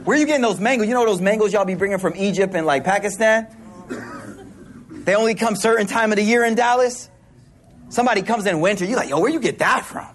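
A man's voice: high-pitched, quick pace, slight background noise. A man preaching a sermon to a congregation in a hall, talking in a casual, slangy way with playful asides.

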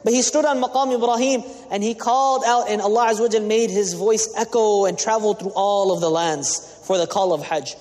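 A man's voice: high voice, fairly quick, hardly any pauses, a little mellow. A man giving a sermon as an imam, explaining Arabic terms with English glosses and asking the audience questions. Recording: long reverb of a large hall.

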